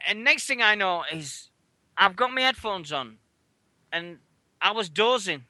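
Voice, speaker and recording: A man's voice: sits high, animated, unhurried, sharp tone, no echo. A British man hosting a wrestling radio show, swearing constantly as he rambles through stories. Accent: British English. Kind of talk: casual chat.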